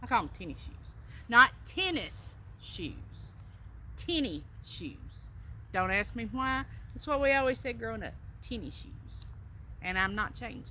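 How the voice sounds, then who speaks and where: A woman's voice: a little high, lively intonation, fairly quick, bright, forceful tone, slight background noise. A woman with a Southern US accent, chatting casually and telling stories with a laugh. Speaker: vlogger doing an accent tag. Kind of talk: casual chat.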